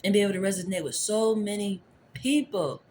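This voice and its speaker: Into a phone camera, an adult tarot reader delivers a casual, rambling spiritual reading, coming back again and again to favorite phrases. The voice is medium-pitched, fairly even, brisk and a little mellow, with slight background noise.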